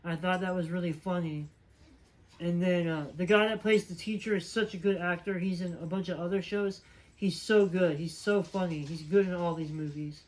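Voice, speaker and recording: Man for a casual movie-review vlog: high-pitched voice, loose and rambling, full of "uh" and "like". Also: fairly even intonation, normal speed, darkish tone, rough recording. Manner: rambling, filler-heavy retelling. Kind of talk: casual movie plot recap.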